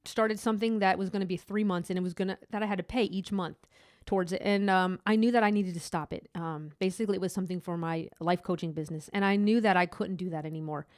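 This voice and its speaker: A woman's voice: lowish voice, steady tone, fast, a little mellow, no room sound, clean studio sound. A woman hosting a podcast, telling a candid personal faith story in a rambling way with many restarts. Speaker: podcast host.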